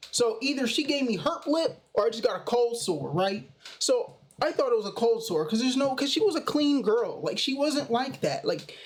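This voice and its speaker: A young man casually telling a personal story in a slangy, animated way. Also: very high voice. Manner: slangy, animated retelling with "bro" and "you know". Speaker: storytime vlogger.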